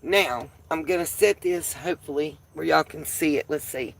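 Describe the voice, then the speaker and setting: A woman's voice: deep voice, moderate pace, creaky. A woman with a Southern accent hosting a casual live stream, chatting with viewers in a folksy way and calling them y'all. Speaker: livestream host.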